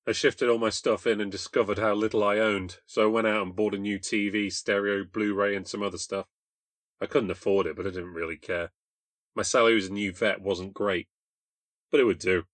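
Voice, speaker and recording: A young man narrates a first-person ghost story in a bitter, deadpan tone. His voice sits low, and the recording is dry and close with no room sound. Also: fairly quick, dry recording. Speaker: podcast host and narrator.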